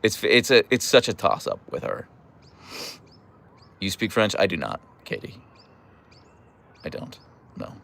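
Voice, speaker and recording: A man from Pittsburgh, United States, speaks with a Pittsburgh accent in a lowish, sing-song, gravelly voice with a fairly bright tone, talking a little slowly and pausing often. Hosting a livestream, he chats casually, reads viewer comments, and teases.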